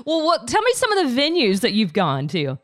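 Bubbly woman podcast host on a video call, high and very animated voice, laughs along. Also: brisk. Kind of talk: casual interview chat.

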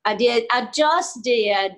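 A woman's voice: on the high side, takes it slowly. An older woman with a Southern American accent, a comedian guest telling folksy stories and laughing often in a casual interview over a video call. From Southern US, Georgia.

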